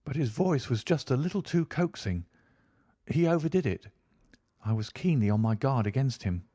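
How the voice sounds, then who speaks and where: A man reading a classic mystery story aloud in a measured, even storytelling manner. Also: mid-range voice, slightly rough, no echo, studio quality. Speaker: audiobook narrator. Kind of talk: scripted narration of a classic story.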